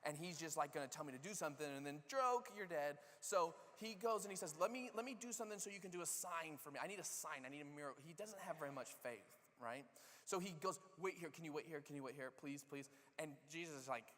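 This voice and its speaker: In a big church sanctuary full of long reverb, a fast-talking pastor preaches with a slightly high voice. His sermon is animated, casual storytelling in which he performs what every character says.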